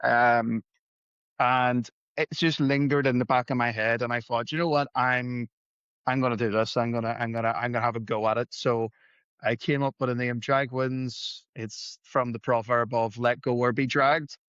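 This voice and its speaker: A podcast guest who works as a musician and gig promoter tells loose, self-mocking stories at a moderate pace, performing the lines of the people he quotes. His voice is mid-range and fairly bright with a clean tone and fairly even intonation. The recording is dry, a little dull and free of room sound.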